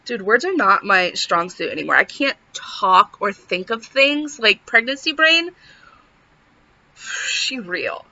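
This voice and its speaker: Young woman, pregnant, vlog chat, rambling, lots of "like", sharp bright voice, muffled lo-fi audio. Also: mid-range voice, expressive, a little slow, hardly any pauses. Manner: rambling, says "like" constantly. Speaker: vlogger. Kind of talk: casual chat to camera. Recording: dull lo-fi sound.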